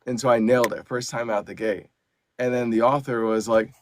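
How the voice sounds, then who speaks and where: A man's voice: medium pitch, steady tone, fairly quick. A man who works as an audiobook narrator and actor, chatting casually in an interview and explaining at length with lots of fillers.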